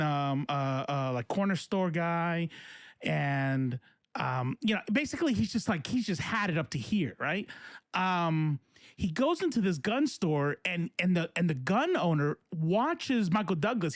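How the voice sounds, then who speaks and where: A man's voice: sits high, lively intonation, normal speed, no room sound. A man on a close, dry mic, voice sitting a bit above the usual male range. He hosts a loose political commentary show and rambles, swears freely and restarts his sentences, filling gaps with "um" and "like". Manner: rambling, profane, many fillers and restarts. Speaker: host.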